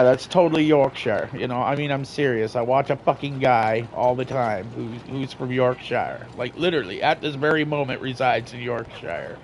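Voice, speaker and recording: A man's voice: medium pitch, moderate pace, few pauses, slight background noise. A man casually commenting over a video game, ranting in an incredulous, profane way. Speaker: gamer streamer.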